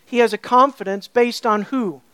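A man's voice: high voice, animated, a little slow, fairly bright tone, clean tone, no echo. Male pastor, earnest expository preaching, repeats key phrases, dry recording. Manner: earnest, asks the audience questions, repeats phrases. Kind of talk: expository sermon.

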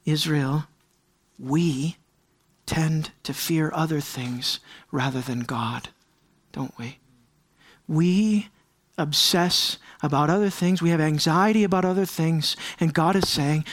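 A pastor preaching a sermon, firing rhetorical questions at the listeners and swinging from raised, high-pitched emphasis down to hushed, near-whispered lines. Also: expressive, unhurried, no echo. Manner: fires rhetorical questions at the congregation.

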